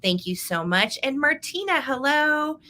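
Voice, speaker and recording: A woman hosts a live vintage sale in casual livestream chat, upbeat as she greets viewers by name. Her high-pitched voice is animated, pushed, and bright, though she speaks unhurriedly.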